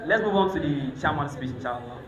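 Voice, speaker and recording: A Nigerian man hosting an event on a handheld mic, teasing the crowd in lively banter that mixes pidgin and Yoruba. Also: on the high side, fast. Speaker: event host, master of ceremonies. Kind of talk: lively emcee banter with audience. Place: event hall. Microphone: handheld microphone. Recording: echoey event hall.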